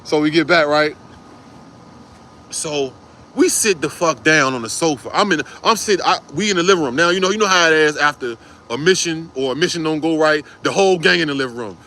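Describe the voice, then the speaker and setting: With a slightly high, fairly quick voice that sounds pushed and bright, a man tells a wild story from his own life in casual street slang. He curses freely and acts out other people's voices, and there's slight background noise.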